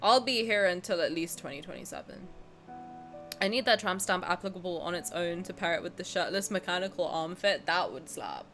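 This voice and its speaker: A young adult woman streaming a game, chatting casually and reading the story aloud, excitable and prone to swearing and sudden loud outcries. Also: fairly low pitch, a little fast, soft background music. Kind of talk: casual gaming reaction stream.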